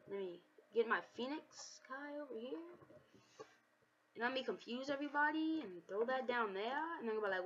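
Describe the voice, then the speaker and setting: Excitable high-voiced woman taunting in a game. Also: normal speed. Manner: taunting, excitable, sing-song trash talk. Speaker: gameplay commentator. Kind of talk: playful game commentary. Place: home. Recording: dull lo-fi home recording.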